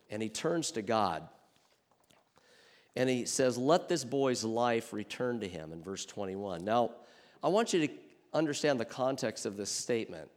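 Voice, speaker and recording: A male pastor preaching a sermon in an earnest manner, asking rhetorical questions and moving between louder and softer passages. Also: mid-range voice, in a large hall. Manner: earnest, with rhetorical questions and swings from loud to soft.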